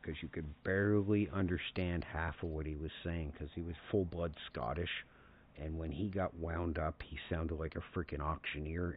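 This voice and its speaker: Deep-voiced man rambling on a tinny stream. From Canada. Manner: rambling, chuckling often. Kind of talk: casual storytelling on a game stream. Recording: tinny phone-like sound, faint noise.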